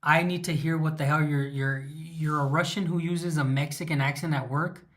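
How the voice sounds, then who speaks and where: The livestream host, a man from California, has a fairly high, slightly bright voice with fairly even intonation and a moderate pace. He rambles casually, fills gaps constantly, and reads viewer comments out loud as he reacts to them.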